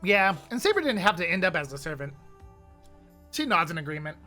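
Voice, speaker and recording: A woman's voice: fairly low pitch, very animated, fairly quick, pushed and bright, soft background music. A woman streamer in a chatty group reading of a visual novel, narrating actions in first person.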